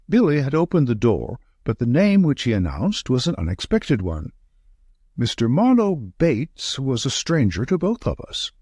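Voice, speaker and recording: A man narrating a classic detective audiobook with steady, expressive delivery. His voice has a husky grain and a lively, rolling pitch, recorded close and dry. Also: normal speed, dry recording. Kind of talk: scripted narration.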